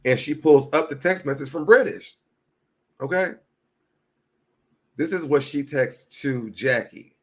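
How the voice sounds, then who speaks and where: A man's voice: a little high, unhurried, pauses often. A man hosting a casual commentary show, chatting to viewers as y'all and reading social media posts aloud. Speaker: commentary channel host.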